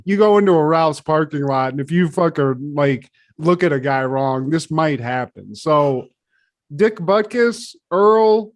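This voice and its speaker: A man co-hosting a casual comedy podcast, retelling a TV episode in an animated, swearing way and acting out the scenes in quick voices. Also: a little high. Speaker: podcast co-host.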